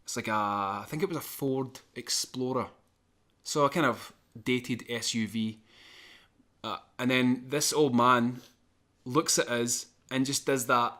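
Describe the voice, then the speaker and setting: A man's voice: medium pitch, a little slow. Man telling a story in casual chat. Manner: animated anecdote-telling, chuckling between lines. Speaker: podcast co-host.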